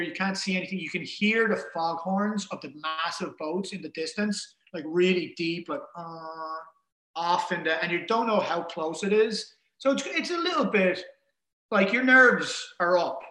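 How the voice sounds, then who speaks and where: A man casually telling a story in an animated way, acting out the things people said. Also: high voice, normal speed. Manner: animated, acts out quoted dialogue. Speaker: guest telling an ocean rowing story. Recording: roomy echo.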